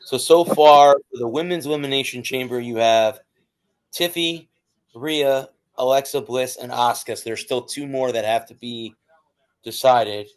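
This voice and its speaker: A man with an average-pitched voice co-hosts a laid-back sports podcast. He rambles and restarts his sentences as he tells stories. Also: moderate pace. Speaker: podcast co-host. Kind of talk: casual sports chat.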